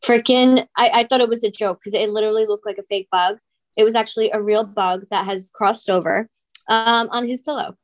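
A woman co-hosting a podcast, chatting casually with blunt, animated reactions. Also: medium pitch, a little fast. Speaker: podcast co-host. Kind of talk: casual chat.

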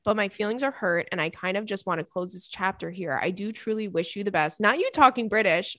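A woman's voice: medium pitch, fairly quick, few pauses, sharp tone, no room sound, studio quality. A young woman hosting a podcast, chatty and giggly, reading sponsor ads and listener messages. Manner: chatty, giggly, lots of "like" fillers. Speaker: podcast host. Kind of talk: casual chat and ad read.

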